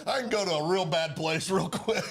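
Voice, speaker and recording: A man co-hosting a casual live business talk show, animated and quick to laugh. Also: high-pitched, gravelly. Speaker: co-host.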